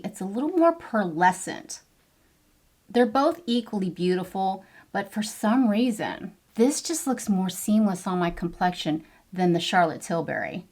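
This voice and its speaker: A middle-aged woman talks straight to her viewers in a casual beauty review. Her voice sits at an ordinary middle pitch, and her delivery is bubbly and chatty, full of playful asides. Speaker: beauty vlogger. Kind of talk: casual makeup review to camera.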